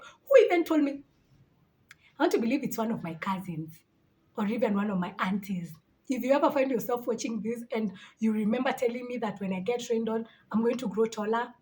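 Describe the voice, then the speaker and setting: Brief: woman, late 20s, vlogger talking to camera, higher voice, lively and incredulous, laughs often. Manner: animated, laughing, exclaiming in disbelief. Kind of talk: casual storytelling to camera.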